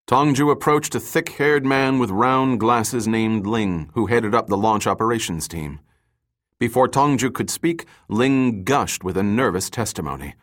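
A man narrating a thriller with a low-pitched voice. He reads evenly and steadily, keeping the action clear. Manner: even, measured reading. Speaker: audiobook narrator. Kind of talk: scripted narration.

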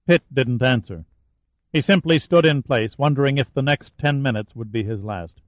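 A man narrating a thriller audiobook in an even, steady reading. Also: mid-range voice, moderate pace, dry recording, lo-fi sound. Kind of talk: scripted narration.

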